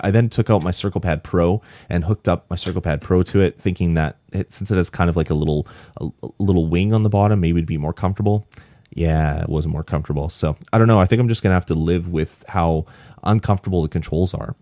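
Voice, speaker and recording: Deep-voiced man rambling on a podcast. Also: mellow, no room sound, clean studio sound. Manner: rambling, many ums and restarts. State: tired, punch-drunk late at night. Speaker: podcast co-host reviewing a game. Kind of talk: casual podcast chat.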